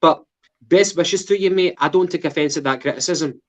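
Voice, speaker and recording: A man's voice: on the high side, moderate pace. A Scottish man co-hosting a casual football podcast, rambling with restarts and plenty of swearing. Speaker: podcast co-host. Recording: dull lo-fi sound.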